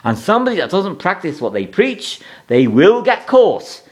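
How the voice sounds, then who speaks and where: A man's voice: sits high, big pitch swings, normal speed. A man giving an astrology forecast in an emphatic, repetitive, moralizing way.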